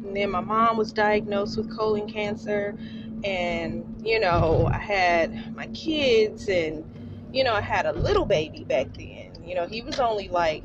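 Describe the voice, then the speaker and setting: A woman's voice: medium pitch, highs cut off, noisy background. A woman hosting a podcast, telling a personal story in a heartfelt way, often speaking straight to her listeners and holding back tears. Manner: heartfelt, addresses listeners as you guys. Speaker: podcast host.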